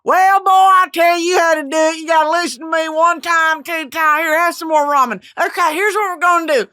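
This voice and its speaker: A woman's voice: very high-pitched, fairly even intonation, fairly quick, bright, forceful tone, dry recording, studio quality, pitched above the performer's own voice. A woman putting on a folksy Southern good-ol'-boy man with a put-on Southern drawl, talking in a homespun, bossy way.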